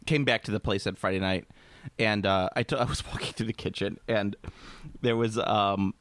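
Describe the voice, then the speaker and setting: A man's voice: on the low side, fairly even intonation, normal speed, fairly bright tone, no room sound. A man from the Midwest, hosting a podcast and telling rambling, crude, joking stories in casual chat. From American Midwest. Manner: rambling storyteller, crude, jokey. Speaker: podcast host.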